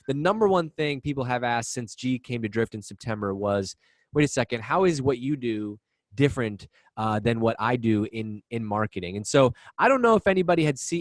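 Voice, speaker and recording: A man hosting a live webinar over a video call, talking fast and excitedly with lots of restarts. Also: medium pitch, dry recording. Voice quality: excitable, rapid, restarts often. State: out of breath. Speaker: webinar host. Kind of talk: energetic live webinar chat. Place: office in Boston.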